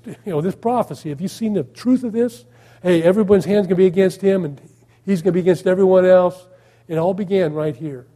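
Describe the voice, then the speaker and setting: A man's voice: sits high, warm tone, husky. A man preaching a sermon in a conversational way, asking his listeners questions and making sarcastic asides. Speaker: pastor.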